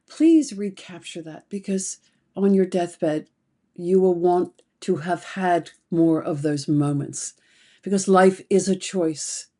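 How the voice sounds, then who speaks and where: A middle-aged woman therapist speaking slowly and deliberately, telling emotional personal stories in a reflective talk to camera. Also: on the low side, dark tone. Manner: slow, deliberate, emotional storytelling.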